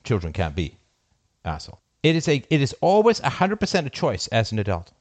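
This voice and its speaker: A middle-aged man hosting a call-in show, speaking emphatically in an impassioned monologue, jumping from loud peaks to low muttered asides. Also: huge pitch swings, brisk, no room sound.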